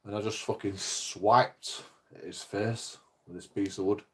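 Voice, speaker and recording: This channel host is a man with a fairly low, husky voice who speaks at a measured pace. He tells a story casually and indignantly, swearing heavily and staying animated throughout.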